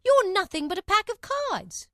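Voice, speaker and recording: A woman reading aloud puts on a defiant storybook girl with a high, bright voice. She answers back loudly, her pitch leaping about, recorded close and dry. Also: big pitch swings, normal speed, dry recording, full character voice. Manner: bright, bold, outspoken. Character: spirited, indignant young girl.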